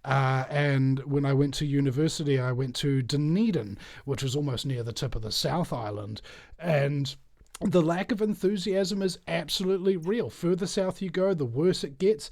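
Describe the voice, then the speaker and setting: A man's voice: on the high side, moderate pace, darkish tone, no echo, studio quality. A man with a New Zealand accent, a guest on a podcast, telling meandering anecdotes in casual chat. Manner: digressive, anecdotal storytelling.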